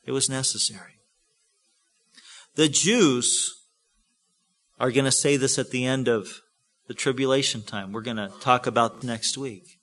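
A man preaching a sermon as a pastor, acting out scripture scenes with big swings from hushed to loud. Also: mid-range voice, unhurried, long pauses.

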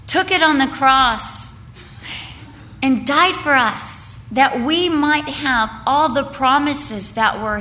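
An older woman gives a storytelling sermon with a bright, slightly high voice. She acts out family voices before settling into earnest preaching. Her voice carries through a large reverberant hall. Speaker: speaker at a women's Christmas event. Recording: reverberant hall with faint background noise.

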